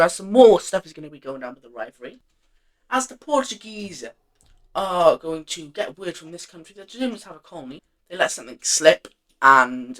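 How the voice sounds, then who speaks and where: A man's voice: on the high side, a bit bright. A man narrating an alternate-history map in a casual, rambling way, full of fillers and offhand self-corrections.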